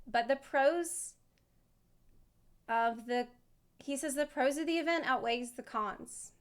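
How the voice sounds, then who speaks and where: A woman's voice: sits high, takes it slowly, clear, resonant tone. A woman streamer reacting to a video, rambling and swearing in casual chat. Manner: rambling, swearing, self-mocking.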